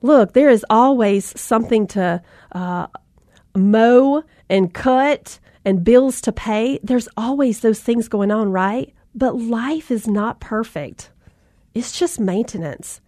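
A middle-aged woman with a slightly high voice talks straight to mothers in a bright, folksy, encouraging way. The sound is close and dry, with no room around it. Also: slow pace, dry recording. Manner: upbeat, folksy, addresses listeners as "mama" and "y'all". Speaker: motivational speaker for mothers. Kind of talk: motivational talk with anecdotes.

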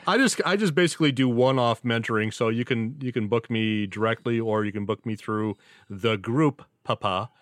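A man's voice: medium pitch, moderate pace, no room sound. Man, podcast host, casual chat, self-mocking, rambling, dry close sound.

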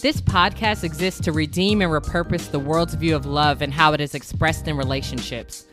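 A woman reading a scripted podcast intro in a measured, declaiming way. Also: low voice. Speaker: podcast host. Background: guitar music.

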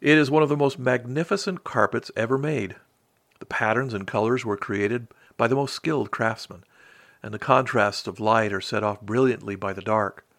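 A man voicing a gentle, wise bird that speaks in a soothing, thoughtful way. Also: medium pitch, moderate pace, creaky.

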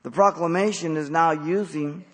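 A man preaching an expository sermon as pastor, blunt and emphatic, with sudden loud stresses. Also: a little high, steady tone, normal speed, big-room sound.

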